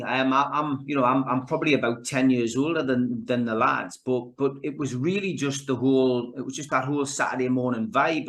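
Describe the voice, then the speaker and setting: A fifty-year-old man with a Geordie accent, relaxed and chatty. He spins long anecdotes in a mid-pitched, everyday voice, as a guest on an informal podcast. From Newcastle, England. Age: 50s. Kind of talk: casual podcast interview.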